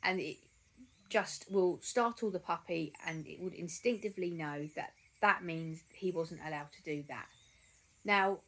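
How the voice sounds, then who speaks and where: A woman giving calm, chatty dog-training advice in a vlog, often repeating herself for emphasis. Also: lowish voice, a little slow. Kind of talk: casual instructional vlog.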